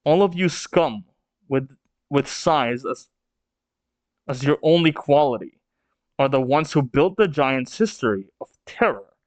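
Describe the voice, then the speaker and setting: A man's voice: mid-range voice, expressive, measured pace, long pauses, dry recording, lightly acted. A man reading the lines of a proud giant king, grave and bitter. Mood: furious.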